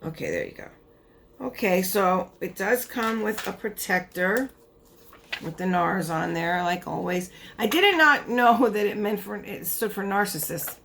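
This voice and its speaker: A woman's voice: mid-range voice, sing-song, a little slow, creaky, fairly bright tone, a little hiss or hum. A young woman vlogger chatting casually through a beauty box unboxing, tired, her voice giving out, rambling and cutting herself off. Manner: chatty, rambling, self-interrupting.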